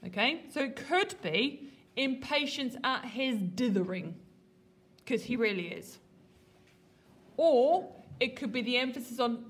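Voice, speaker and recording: Woman teacher, fairly high voice, chatty and lively, calls on students in class. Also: measured pace. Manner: lively, colloquial, questions students. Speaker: English teacher. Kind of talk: classroom literature lesson.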